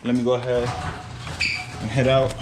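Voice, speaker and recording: A man's voice: mid-range voice, flat delivery, moderate pace, noisy background. A young man chatting casually to camera outdoors by his truck and garage, loose and rambling with fillers. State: out of breath. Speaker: car vlogger. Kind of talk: casual vlog talk to camera.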